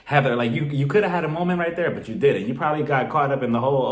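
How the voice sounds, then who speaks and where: A man giving an animated, gossipy casual video review, recapping with frequent laughs. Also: mid-range voice, very fast, hardly any pauses. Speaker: TV show reviewer. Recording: roomy echo.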